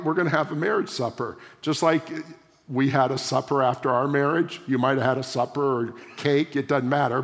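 A middle-aged man preaching a sermon from the front of his church, emphatic and slowing down to stress key words. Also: mid-range voice. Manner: emphatic, varying pace for stress. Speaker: pastor. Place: church sanctuary. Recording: long church reverb.

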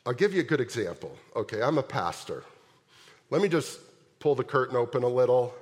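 A man preaching a sermon as pastor, telling the story in a lively way and asking his congregation question after question. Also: medium pitch, a little fast. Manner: animated storytelling with rhetorical questions. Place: large church sanctuary. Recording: long hall reverb.

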